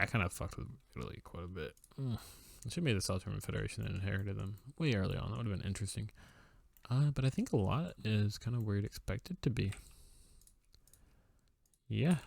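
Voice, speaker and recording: A man's voice: lowish voice, gravelly, a little mellow, dry recording. A young man casually commenting on his strategy game, musing aloud with fillers and wry asides.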